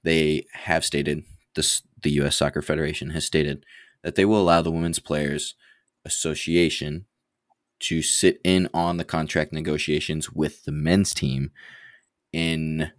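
A man co-hosting a podcast, talking casually with a teasing, energetic manner that picks up volume on his points. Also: a bass voice, unhurried, no echo, studio quality. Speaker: podcast co-host. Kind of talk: casual chat.

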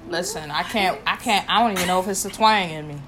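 A young adult woman co-hosting a casual chat, excitable with loud bursts and quick laughs. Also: on the low side, crowd noise. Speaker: podcast co-host.

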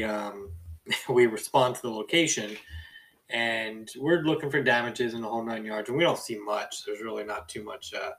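A young adult man casually telling a story from his job on a podcast, animated and acting out the people in it. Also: medium pitch, far from the mic, low-quality recording. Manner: animated, acts out quoted people with a raised voice. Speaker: podcast host.

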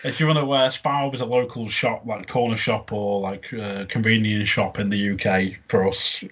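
A man's voice: fairly low pitch, fairly even intonation, moderate pace, fairly bright tone, lo-fi sound. A man, chatting casually as a podcast co-host and laughing often as he recaps an episode. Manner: chatty, laughing often, quoting lines in funny voices.

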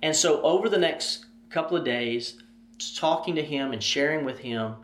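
Animated storytelling man, roomy sound. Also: on the high side, normal speed, a little hiss or hum. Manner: animated storyteller, acts out quoted dialogue. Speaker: ministry president, interview guest. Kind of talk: storytelling in an interview. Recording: roomy echo.

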